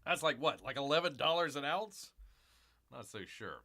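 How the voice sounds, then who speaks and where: A man's voice: fairly high pitch, animated, moderate pace, bright, forceful tone. A man hosting a casual live stream, rambling chattily to his viewers and calling himself Bear. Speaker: livestream host.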